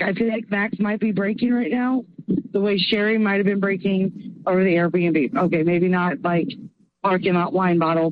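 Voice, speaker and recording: A woman's voice: mid-range voice, no room sound. Chatty woman caller on a lo-fi voicemail. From Illinois. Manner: chatty, rambling, self-mocking. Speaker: caller leaving a voice message. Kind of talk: recorded listener voicemail.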